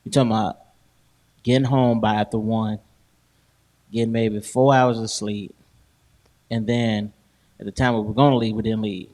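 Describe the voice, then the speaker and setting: A man's voice: fairly low pitch, flat delivery, normal speed, long pauses, a little mellow. A man co-hosting a podcast, telling stories in casual chat with slang, laughing often and acting out what people said. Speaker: podcast host.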